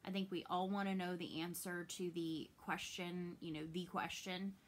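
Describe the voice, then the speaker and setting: A woman in her thirties with a Southern American accent, chatting casually to camera in her cross stitch vlog from home, open and chatty, trailing off softly when sad. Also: fairly low pitch, little pitch movement, moderate pace.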